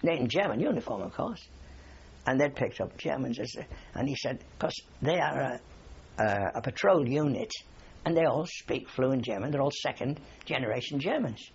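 Older male veteran interviewee with a raspy, gravelly voice and a lively rise and fall, on a dull lo-fi recording. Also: medium pitch, moderate pace. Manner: rambling anecdotal storytelling, chuckles often. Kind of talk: oral history interview.

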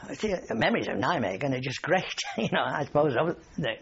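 A man's voice: fairly high pitch, very animated, quick pace, gravelly, a bit bright, dull audio. An older man, a war veteran, telling rambling anecdotes in an oral history interview and chuckling often.

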